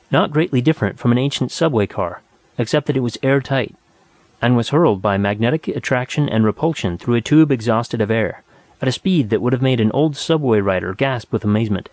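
A man reads a story aloud in a steady, measured way, with a mid-pitched voice. The recording is dry and close, with no room sound. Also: no room sound. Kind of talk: audiobook narration.

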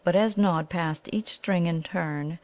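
A woman narrating a children's adventure novel in a measured way. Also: lowish voice, darkish tone. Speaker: audiobook reader. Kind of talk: storybook narration.

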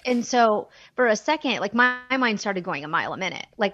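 A woman's voice: mid-range voice, brisk, no echo, lo-fi sound. A woman telling a personal story in a podcast chat, candid and emotional, acting out the dialogue she quotes. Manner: animated, acts out quoted dialogue. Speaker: guest.

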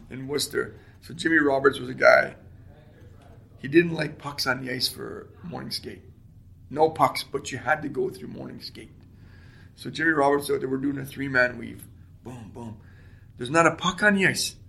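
Brief: forties Canadian man, a guest spinning lively stories, rough and edgy in tone. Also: medium pitch. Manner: animated storyteller, shouts out quoted lines. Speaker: guest, former pro hockey player. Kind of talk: storytelling interview.

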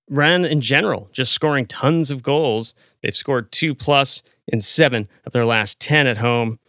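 A man from the United States talks through matches in a wry, confident way. His voice is bright and crisp, and the dry, close sound keeps it upfront. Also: medium pitch, no room sound. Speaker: podcast co-host. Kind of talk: casual podcast analysis.

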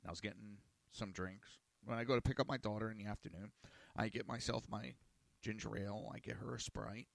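A man's voice: on the low side, vocal fry, a bit bright, dry recording. A man hosting a small radio and online show, talking in a casual rambling monologue, often repeating words and cursing casually.

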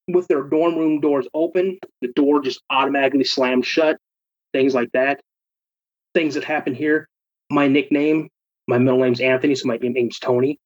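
Guy telling a creepy dorm story, husky and kinda high, muffled lo-fi sound. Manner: animated, acts out quoted friends. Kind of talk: casual personal storytelling. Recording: dull lo-fi recording.

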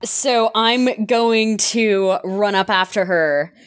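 Player, woman, unhurried, giggly and hesitant. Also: mid-range voice, clear, resonant tone. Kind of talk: tabletop role-play chat.

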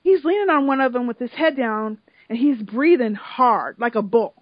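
A woman with a high, bright-pitched voice tells a story in casual chat, swearing and getting worked up as she goes. The sound is dry and close, with a dull lo-fi tone. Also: moderate pace, no room sound. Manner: animated, emotional storytelling with swearing. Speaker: podcast co-host recapping a reality show.

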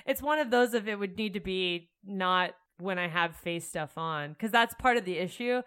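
Bright, smooth-voiced young woman chatting. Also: medium pitch, normal speed. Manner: candid, animated storytelling with frequent swearing. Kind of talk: casual chat.

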